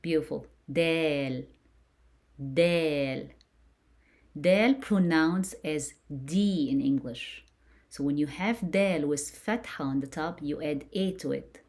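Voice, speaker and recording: A woman's voice: low voice, a little slow, darkish tone. A woman teaching a beginner lesson, patiently encouraging and praising each answer as she drills sounds for repetition. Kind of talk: slow beginner lesson with call-and-repeat drills.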